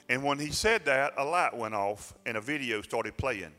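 A pastor telling a personal story in a sermon, folksy and self-mocking, dropping into plain dialect grammar. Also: male voice, mid-range voice, moderate pace, pushed and bright. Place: church sanctuary. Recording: church sanctuary with long reverb and faint music.

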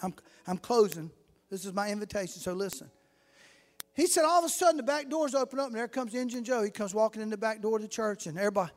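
A preacher with a strikingly high voice tells his story and builds to fervent cries. A long reverb from a large church hall trails each phrase. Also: expressive, quick pace. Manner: storytelling, rising to fervent shouts. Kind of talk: sermon.

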